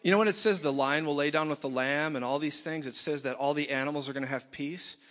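Blunt, animated preacher in a big hall. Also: male voice, a little high, quick pace. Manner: animated, blunt, jokey, swings from loud to soft. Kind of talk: sermon. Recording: dull sound in a reverberant hall.

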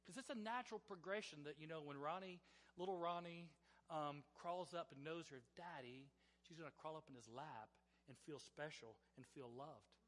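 High-voiced pastor in an echoing hall. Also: male voice, fairly bright tone. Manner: halting, often repeats and restarts words. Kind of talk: conversational storytelling sermon. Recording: long reverb of a large hall.

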